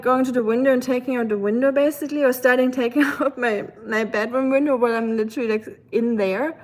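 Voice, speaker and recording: A woman from Germany with a German accent, chatting casually with viewers on a live stream, full of fillers and reading out their comments. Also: fairly high pitch.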